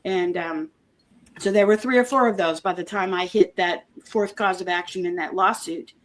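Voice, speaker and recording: A woman being interviewed, talking earnestly in a halting way, with many restarts and homely comparisons. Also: fairly low pitch. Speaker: interview guest, former member of a church group. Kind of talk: casual conversational interview.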